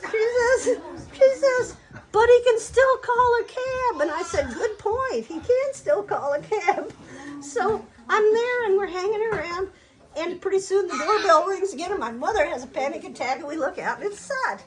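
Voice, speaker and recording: Woman, very high voice, family storyteller, laughing often, big room, crowd chatter behind. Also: moderate pace, low-quality recording. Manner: laughing often while telling, animated. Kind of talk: telling a family anecdote to a gathering. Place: large indoor room at a family gathering. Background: family members talking and laughing.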